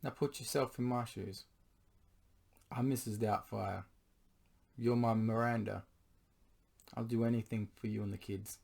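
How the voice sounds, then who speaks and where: A hoarse man who is losing his voice speaks in an earnest, pleading monologue aimed at his partner. He keeps stopping to clear his throat. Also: lowish voice, fairly even intonation, a little slow, pauses often, darkish tone. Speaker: vlogger addressing his partner. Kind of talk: confessional monologue to camera.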